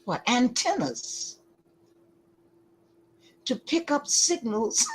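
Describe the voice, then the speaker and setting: A woman giving lecture-style commentary, deliberate and emphatic, often pausing to ask rhetorical questions. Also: a little high, sing-song, husky, low-quality recording.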